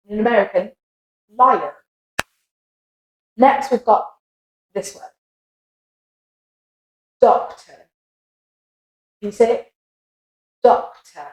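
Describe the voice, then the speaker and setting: A woman's voice: medium pitch, darkish tone, reverberant, low-quality recording. A young British woman teaching English pronunciation, patiently modelling words and inviting listeners to repeat them. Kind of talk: pronunciation lesson.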